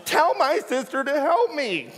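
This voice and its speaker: A whiny valley-girl woman, put on by a man, tattling in a high, sing-song, drawn-out voice that swoops upward. She sounds a bit tipsy and endlessly put-upon. The voice rings out in a church hall with long reverb. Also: huge pitch swings, a bit bright, exaggerated voice. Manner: complaining, tattling.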